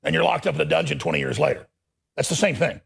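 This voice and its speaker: A middle-aged man hosting a live show, ranting angrily in a gravelly, raspy voice. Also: a little high, lively intonation, quick pace. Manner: angry, shouting rant. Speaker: talk show host.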